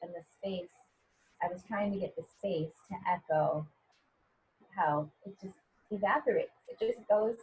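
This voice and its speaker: Husky American woman teaching poetry. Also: medium pitch, normal speed, darkish tone. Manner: conversational, often checking in with "right?" and "okay?". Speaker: poet and professor. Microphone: video call. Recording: dull lo-fi video call audio.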